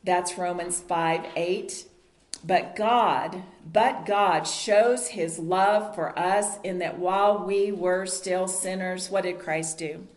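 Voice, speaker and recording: A woman's voice: fairly low pitch, steady tone, takes it slowly. Woman teaching scripture in a roomy hall. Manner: earnest, conversational, asks the group questions. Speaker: Bible study teacher. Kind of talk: sermon. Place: meeting room with a group. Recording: roomy echo.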